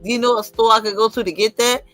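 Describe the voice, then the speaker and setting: A woman putting on the voice of her blunt older mother, loud and insistent as she scolds. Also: a little high, fairly even intonation, quick pace, no echo, natural voice, low-quality recording. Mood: scolding.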